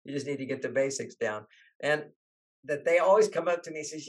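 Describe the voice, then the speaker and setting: His voice sits on the high side and moves a little fast. The older relationship author spins stories in an interview, lively and acting out each quoted person's voice.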